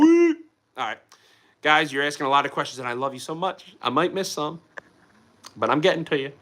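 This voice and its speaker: A young man hosting a casual livestream, reading viewer comments and chatting in an energetic, rambling way. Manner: energetic, rambling, quick pitch jumps and bursts of laughter. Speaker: livestream host.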